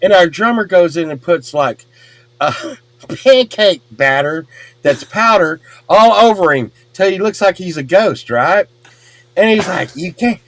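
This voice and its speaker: A middle-aged man with a drawl tells a rowdy story, his pitch leaping all over. He sits a little high for a man and swears freely, loudly acting out everyone he quotes. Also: animated, unhurried. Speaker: podcast host. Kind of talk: casual storytelling chat.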